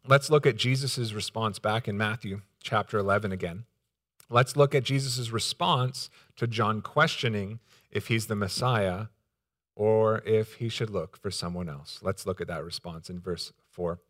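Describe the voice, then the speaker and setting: A man's voice: lowish voice, fairly bright tone. A male pastor preaching a sermon, voice rising with emphasis when he acts out quotes.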